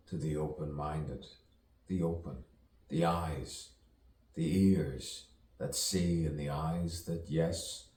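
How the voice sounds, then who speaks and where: A man with a very deep voice talking slowly through a playful, free-associating spoken-word monologue, rhyming as he rambles. He sounds set back from the microphone in an echoey room with faint ambience behind him. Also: a little mellow. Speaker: self-styled poet and performer. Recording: roomy echo, distant from the mic, faint ambience.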